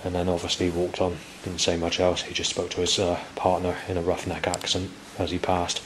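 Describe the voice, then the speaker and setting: Brief: man, 40s, very low voice, repetitive outdoor vlog ramble. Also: monotone, brisk, a little hiss or hum, low-quality recording. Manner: rambling, repetitive, with frequent restarts. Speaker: vlogger. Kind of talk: rambling monologue to camera.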